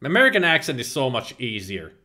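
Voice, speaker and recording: Lively, bright-voiced Finnish streamer man. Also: medium pitch, brisk. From Finland. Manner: chatty, reads viewer chat aloud and answers it; laughs often, playful exclamations. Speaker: game streamer. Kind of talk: casual livestream chat while gaming.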